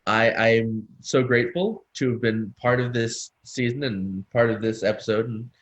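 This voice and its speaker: A man moderating a casual panel chat over a video call, relaxed and a little choked up. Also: medium pitch, moderate pace.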